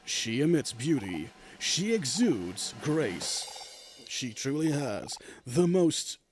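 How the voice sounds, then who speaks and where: A man's voice: mid-range voice, sing-song, slight background noise. A man playing a grandiose showman announcer. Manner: grandiose, slow, drawn-out. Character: theatrical showman announcer hosting a dating show.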